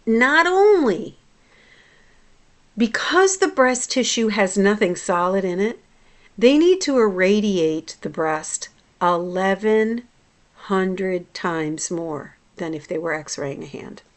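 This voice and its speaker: A woman in her forties, a hypnotherapist, telling a personal story in a vlog, blunt and profane, dropping to low mutters and then flaring into loud outbursts. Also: lively intonation, takes it slowly.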